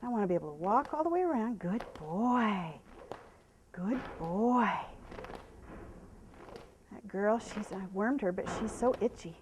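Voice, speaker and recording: A woman horse trainer giving a live demonstration, explaining to viewers and softly praising the horse, sometimes dropping to a hush. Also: mid-range voice, normal speed, background noise. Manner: drops to a hushed whisper when calming the horse.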